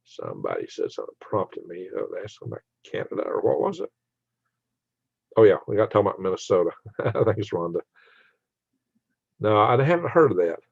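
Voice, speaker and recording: A man's voice: on the low side, huge pitch swings, brisk, vocal fry, pauses often, slightly rough, dry recording, highs cut off. An older man hosting a casual livestream, rambling and laughing as he answers viewers' comments by name. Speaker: channel host reading live chat.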